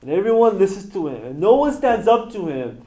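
A man preaching a sermon to a group. He is animated and has them finish his verses out loud. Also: sits high, brisk. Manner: call-and-response, animated, asks the room to finish verses. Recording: echoey room, dull lo-fi sound.

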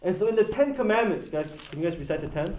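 A man preaching a sermon in an animated way, asking the audience questions as he goes. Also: high voice, quick pace, lo-fi sound, slight background noise.

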